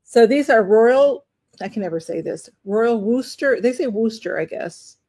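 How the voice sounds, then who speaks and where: With a fairly high voice, lively intonation and a moderate pace, a woman hosts a live online auction. She talks casually about each item and with her bidders, chatty and rambling, friendly to them, and heavy on fillers.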